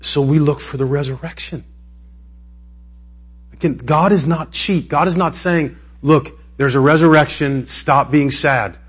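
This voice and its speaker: A man's voice: a little high, a little slow, slightly rough. A man preaching a sermon in a conversational, emotional way that rises to impassioned peaks. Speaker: pastor.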